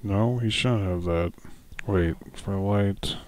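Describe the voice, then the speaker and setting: A man's voice: fairly low pitch, slow pace. A man running a solo tabletop game as dungeon master, musing aloud, correcting himself and chuckling often.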